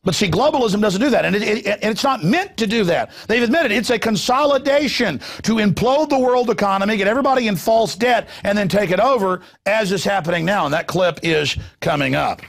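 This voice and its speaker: A man's voice: high voice, animated, a little fast, vocal fry, hardly any pauses. A man hosting a talk show, ranting in a combative, sarcastic monologue. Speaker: talk radio host.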